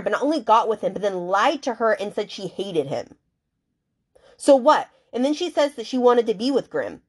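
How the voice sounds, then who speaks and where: Chatty, indignant woman recapping a book. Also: fairly high pitch. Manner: chatty and emphatic, full of fillers and swearing. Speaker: book podcast host.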